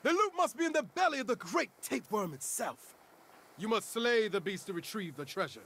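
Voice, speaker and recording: A man's voice: high voice, big pitch swings, brisk, sharp tone, exaggerated voice. An actor playing a nerdy young man who speaks in mock-archaic, theatrical game dialogue.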